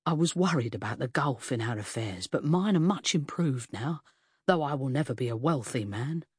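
Woman doing a husky worried police inspector guy, low and halting, dead dry recording. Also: animated, no room sound, full character voice. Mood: earnest, tender. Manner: halting and solemn, speaking low and gravely. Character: anxious, earnest middle-aged male police inspector. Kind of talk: audiobook character voice.

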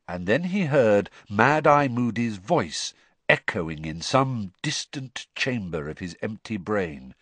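Husky male audiobook narrator. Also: lowish voice, slow, no echo. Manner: expressive storytelling. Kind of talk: scripted narration.

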